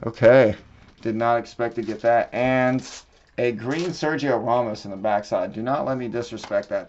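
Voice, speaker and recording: A man hosting a card-breaking video, quietly reading off card names and bursting out loud at the big pulls. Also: mid-range voice, fairly even intonation, moderate pace, muffled recording. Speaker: card-breaking channel host. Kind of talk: casual pack-opening commentary.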